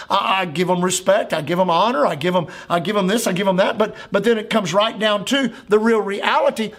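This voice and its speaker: A man's voice: sits high, a bit bright. A man, a pastor, preaching a sermon in a church with an emphatic, repetitive cadence.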